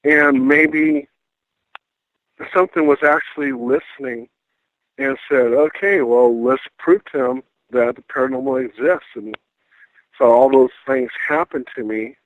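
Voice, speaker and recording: A middle-aged man, a paranormal investigator, telling a ghost story in a casual, animated way and acting out the voices he quotes. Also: medium pitch, a little slow, no echo. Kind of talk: casual storytelling on a radio call-in. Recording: dry tinny phone line.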